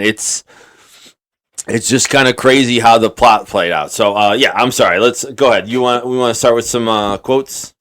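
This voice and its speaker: A man's voice: medium pitch, fairly bright tone. A man co-hosting a podcast in casual chat, rambling and swearing freely, with lots of fillers and restarts. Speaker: podcast co-host.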